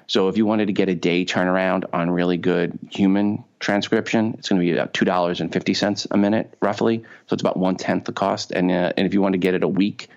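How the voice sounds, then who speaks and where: With a low pitch, fairly even intonation and a creaky quality, this Long Island, New York man talks fast with few pauses. Co-hosting a podcast in his New York accent, he chats casually with repeated words and sarcastic remarks, recorded with dull lo-fi sound.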